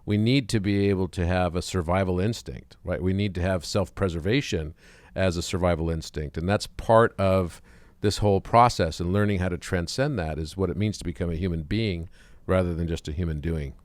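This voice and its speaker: A man's voice: low voice, a little fast, no room sound. A man speaking as a podcast guest in casual conversation, reflective and fond of telling stories. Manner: reflective, storytelling.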